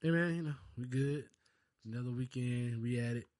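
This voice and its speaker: A man in his thirties co-hosting a podcast, telling stories in animated casual chat and laughing often. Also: medium pitch, normal speed, dry recording. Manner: animated storyteller, acts out voices, laughs a lot. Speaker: podcast co-host.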